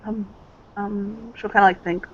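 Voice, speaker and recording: A woman's voice: mid-range voice, flat delivery, breathy edge. Young woman narrating a tabletop game. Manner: halting, lots of fillers, laughs often. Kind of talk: casual role-play narration. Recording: dull lo-fi recording.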